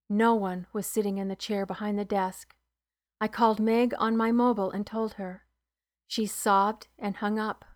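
A woman reading her own novel aloud as a podcast author and narrator, in a soft, subdued way. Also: medium pitch, no echo, clean studio sound.

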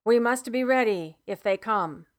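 A calm male clan leader speaks with quiet authority, as a woman reads him. He is measured and steady, meant to soothe a crowd. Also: a little high. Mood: authoritative.

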